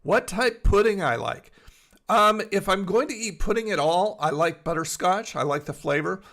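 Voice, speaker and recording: A middle-aged man with a gravelly voice pitched a bit high talks to his live-stream viewers from bed. He rambles, reads out chat and answers people by name in a loose, chatty way. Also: animated, moderate pace, a bit bright. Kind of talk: casual live-stream chat, reading chat aloud. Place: in bed at home.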